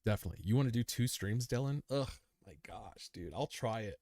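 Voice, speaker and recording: The speaker is a man with a medium-pitched, darkish voice, expressive and fairly quick, heard at studio quality with no echo. Worn out after a long crypto live stream, he chats casually with viewers and answers their comments in a rambling, chummy, laid-back style, calling them dude.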